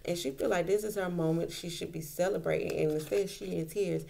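A woman's voice: fairly low pitch, steady tone, fairly quick, gravelly, warm tone. A woman doing a casual tarot reading, talking in a colloquial way and repeating her points for emphasis. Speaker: tarot reader.

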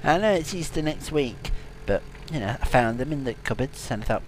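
A man hosting a comedic let's-play, excitable, silly and teasing as he talks over the game. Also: medium pitch, a little fast, slight background noise. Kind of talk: comedic gaming commentary.

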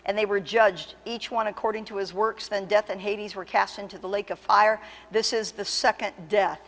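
A woman's voice: mid-range voice, fairly even intonation, moderate pace. Impassioned woman pastor preaching in a hall. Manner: impassioned preaching, rising to loud emphatic peaks. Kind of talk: sermon. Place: church sanctuary.

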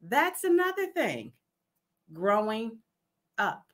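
A woman's voice: fairly high pitch, takes it slowly. A middle-aged woman from New Jersey hosts a casual motivational talk. She is folksy and emphatic, asks "okay?" often and laughs a lot. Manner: laughs often, lively asides; says her voice carries and commands attention. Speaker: host.

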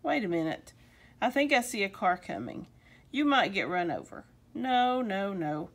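A woman's voice: medium pitch, sing-song, normal speed. A woman voicing a grumbling old man who frets and argues with his hat. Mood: fretting. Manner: talks to himself, fretful back-and-forth.

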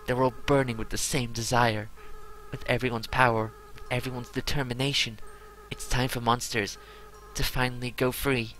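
A man reading aloud the lines of a remorseful young goat monster boy, in a soft, earnest, apologetic way. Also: medium pitch, little pitch movement, normal speed, slight background noise, natural voice, low-quality recording. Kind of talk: reading game dialogue aloud.

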